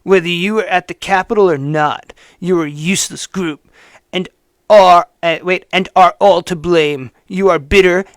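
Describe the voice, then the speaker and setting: A man putting on a lower voice to mock a hateful young male online ranter, reading his post slowly and with heavy, sneering emphasis. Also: steady tone, no room sound, clean studio sound, natural voice.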